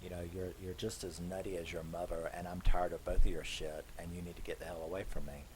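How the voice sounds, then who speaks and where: A man's voice: low voice, little pitch movement, quick pace, darkish tone, slight background noise, close to an everyday voice, low-quality recording. A man acting out an angry middle-aged father ranting at his daughter. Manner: blustering rant.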